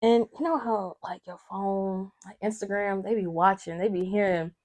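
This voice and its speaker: A young woman from Atlanta, a podcast guest telling a family story in a lively way and acting out the voices of her relatives. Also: mid-range voice, normal speed, slight background noise. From Atlanta, Georgia. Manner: animated, acts out family members' voices. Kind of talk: casual storytelling.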